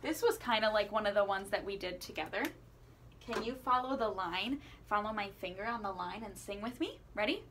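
A woman teaching children a playful singing lesson, asking questions and encouraging them as she swoops her voice high and low. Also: lively intonation, fairly quick, a bit bright, a little hiss or hum. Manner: encouraging, asks the listener questions. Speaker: music teacher.

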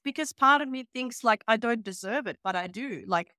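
A woman hosting an interview podcast in casual chat, candid and animated, swearing freely and acting out conversations. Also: fairly high pitch, normal speed, few pauses, dry recording, studio quality. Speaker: podcast host.

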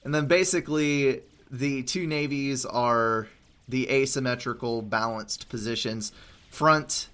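Guy commentating his strategy game, dry explainer, kinda sarcastic, normal pitch. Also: a little slow, pushed and bright, smooth. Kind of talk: casual gameplay commentary.

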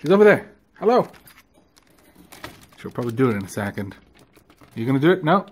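A man filming a casual vlog of his pet ferrets, cooing to them in gentle baby talk. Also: mid-range voice, big pitch swings, brisk, a little hiss or hum. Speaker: vlogger.

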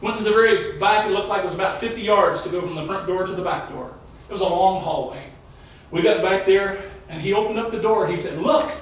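A man's voice: high voice, brisk. Middle-aged pastor guy preaching, chatty storyteller, heard from way back in a big echoey church. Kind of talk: sermon. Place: large church sanctuary. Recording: very echoey hall, mic far off.

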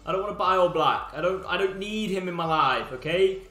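A young man live-streaming a football video game, bantering with his chat, teasing viewers and breaking into sudden shouts. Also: sits high, brisk, echoey room, faint music behind.

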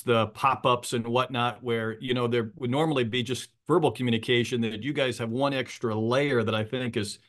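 A male sports broadcaster poses long, winding questions to a coach at a press conference. His voice is of ordinary pitch and his delivery is conversational. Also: fairly bright tone.

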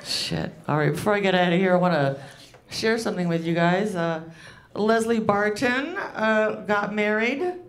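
Recorded live at a comedy club with the audience laughing, a woman does a stand-up set in a medium-pitched voice at a moderate pace. She's loose, rambling and crude, making herself the butt of the jokes.

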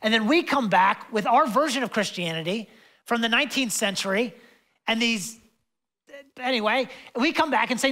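In this sermon, a young adult man serving as pastor talks in a loose, easygoing way, peppered with fillers and asides. He's passionate and animated, moving between loud and quiet stretches at a normal speed, his voice very high-pitched.

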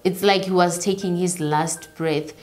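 Halting woman, slightly low voice. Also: steady tone, faint music behind. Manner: halting, repeats herself, voices others' words softly. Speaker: interviewee. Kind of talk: personal storytelling.

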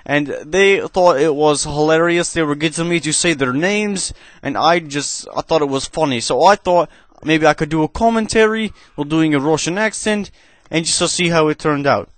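A man doing gameplay commentary in a cheesy put-on Russian accent, speaking halting, broken English into a headset. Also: fairly high pitch, a bit bright, no echo. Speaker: gaming commentator.

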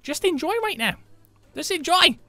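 A young man hosts a live game stream with hyped, joking energy. His pitch swings widely from phrase to phrase, and his tone is bright and forceful. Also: moderate pace, dry recording. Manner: hyped, jokey, animated, greets chat members.

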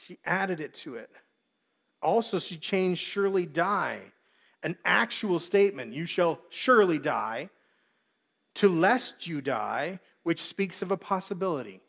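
A man's voice: fairly high pitch, animated, measured pace, gravelly, fairly bright tone. A man preaching a sermon as pastor, earnest, briefly acting out the voices he quotes.

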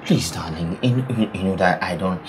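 A man's voice: sits low, moderate pace, close to an everyday voice. A young man with a Nigerian accent, playing an earnest groom-to-be who stammers and repeats his words. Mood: pleading. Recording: noisy background hum.

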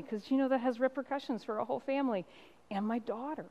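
A middle-aged woman pastor giving a sermon, telling stories and driving points home with emphatic pauses. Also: a little high, dark tone, highs cut off. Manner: impassioned preaching with storytelling and emphatic pauses.

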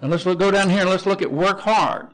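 A man's voice: high-pitched, quick pace. A man with a Texan accent teaching a Bible lesson as pastor, explaining Greek words step by step and spelling them out letter by letter. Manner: explains word by word, spells out Greek terms, frequent restarts.

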